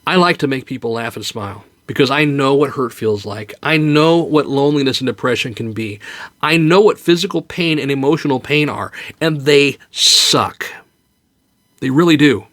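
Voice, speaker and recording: A man's voice: mid-range voice, brisk. A man hosting a podcast, giving an earnest, comforting monologue that turns to light joke telling. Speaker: podcast host. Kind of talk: heartfelt encouraging monologue.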